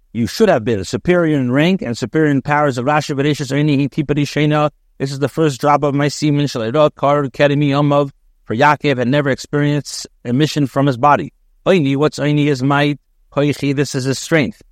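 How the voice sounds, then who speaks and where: A man's voice: medium pitch, dry recording, clean studio sound. Man translating scripture line by line. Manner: reads Hebrew phrases then translates, with many fillers and restarts. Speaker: rabbi teaching Torah commentary. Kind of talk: line-by-line text study, translating aloud.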